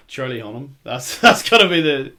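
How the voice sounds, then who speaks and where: A man's voice: mid-range voice, bright, forceful tone, slight background noise. A middle-aged man co-hosting a podcast, chatting casually about movies and rambling with many fillers. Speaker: podcast co-host.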